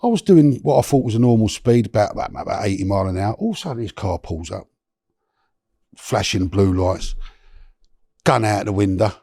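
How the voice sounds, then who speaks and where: A low, gravelly man tells a story as a podcast guest. His voice is dark and husky, and the sound is dry and close. He is animated and slangy, swears, and restarts often. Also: a little fast, long pauses, no room sound.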